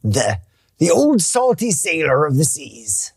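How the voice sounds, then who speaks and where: A man's voice: on the high side, huge pitch swings, slow pace, creaky, breathy edge. A man playing a tabletop game, chatting in a playful, jokey way. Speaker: player. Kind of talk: casual banter at a game table.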